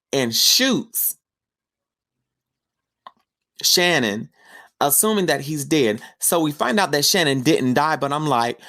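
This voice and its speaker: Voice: medium pitch, fairly bright tone. Chatty podcast host recapping a film. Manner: chatty, slangy storytelling with asides. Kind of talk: casual film review recap.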